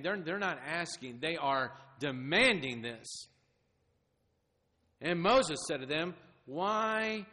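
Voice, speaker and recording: A man preaches in an earnest, halting way, stumbling over and repeating words as he voices the complaints of the crowd. His voice sits fairly high for a man. A long reverb trails behind him as if in a large hall. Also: a bit bright. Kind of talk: sermon.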